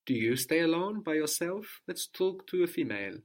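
A man's voice: on the high side, sing-song, moderate pace. A man teaching a language lesson, patiently prompting his student and repeating the answers.

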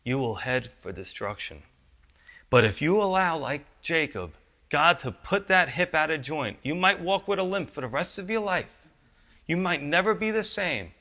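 A man's voice: a little high, lively intonation, normal speed, sharp tone. A male pastor giving a conversational sermon, often asking the congregation rhetorical questions.

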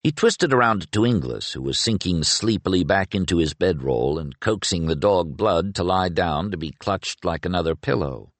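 A man narrates an audiobook in a very low voice. His reading is expressive and moves widely in pitch. The recording is close and dry. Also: moderate pace, hardly any pauses, no echo. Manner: expressive storytelling. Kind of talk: scripted narration.

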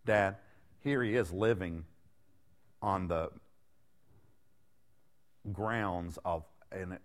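A middle-aged man preaching a sermon in a conversational way, joking and putting rhetorical questions to the congregation. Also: low voice. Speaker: guest preacher.

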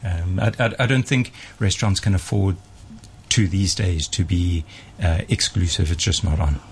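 A man, a restaurateur, chatting on a radio show in a measured, explanatory way. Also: low-pitched, slight background noise. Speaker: restaurateur guest. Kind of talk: casual radio chat.

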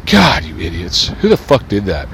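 A man's voice: low-pitched, huge pitch swings, moderate pace, gravelly, background noise. Irritable, profane older man rambling outdoors. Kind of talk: rambling street vlog. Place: outdoors on a city street with traffic. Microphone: small wire mic worn on body. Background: passing cars and motorcycles.

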